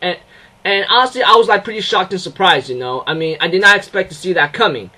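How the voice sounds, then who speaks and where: Excitable young man rambling about anime. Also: high-pitched, quick pace, rough recording. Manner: excitable, rambling, many fillers and restarts. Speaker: anime reviewer. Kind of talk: casual episode review.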